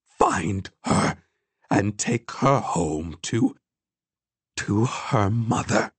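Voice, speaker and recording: A man's voice: mid-range voice, lively intonation, slow pace, gravelly, no echo, pitched above the performer's own voice, heavily acted. A man voicing a stern, resolute old woman elder in an audiobook, firm and commanding. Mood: calm. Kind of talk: audiobook character voice.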